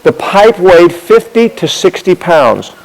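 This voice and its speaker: A man with a slightly raised pitch tells history as a rambling, friendly anecdote. He often repeats a word while he finds the next thought and points things out with props. The sound carries a long, echoing reverb, as if from a large hall. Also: very animated, slow, creaky. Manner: chatty, repeats words while gathering thoughts; demonstrates with props as he talks. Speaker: speaker telling history. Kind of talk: anecdotal storytelling talk.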